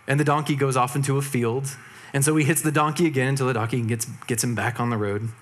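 A man's voice: mid-range voice, fairly bright tone. A man preaching in a casual storytelling style, retelling a scripture story with humorous asides and slangy paraphrases.

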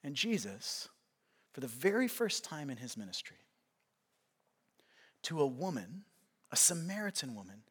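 A man's voice: fairly high pitch, very animated, normal speed, pauses often, slightly rough. A male pastor preaching a sermon, retelling a scripture story in a conversational way.

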